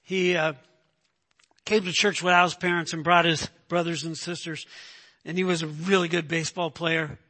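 A man's voice: fairly high pitch, flat delivery, normal speed, sharp tone. A man preaching a sermon, emphatic and repeating "right?" to his listeners. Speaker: pastor.

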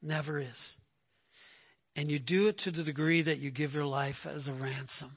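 Emphatic high-voiced male preacher. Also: steady tone, normal speed, slightly rough. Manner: emphatic, repeats "right?" to the congregation. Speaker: pastor. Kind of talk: sermon.

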